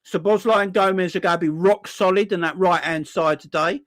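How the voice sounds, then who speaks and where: A man's voice: high-pitched, fairly even intonation, a little fast, fairly bright tone, dry recording. A man hosting a football fan channel, ranting sarcastically and repeating himself, with frequent swearing.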